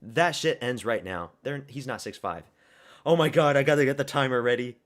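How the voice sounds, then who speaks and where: A man streaming a watch party, giving excitable, profane live reactions to a fight and often repeating himself. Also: medium pitch, moderate pace.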